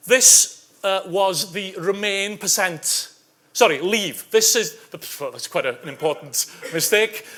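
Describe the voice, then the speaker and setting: Man, academic conference talk, high pitch, bright voice, wry asides, keeps asking "okay?". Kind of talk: conference talk presenting survey data.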